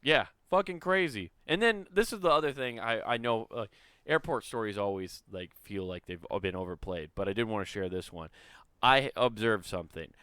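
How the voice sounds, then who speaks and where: A man's voice: lowish voice, expressive, normal speed, sharp tone, smooth, no echo, clean studio sound. A man on a casual podcast telling a rambling story full of fillers and swearing. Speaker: podcast host.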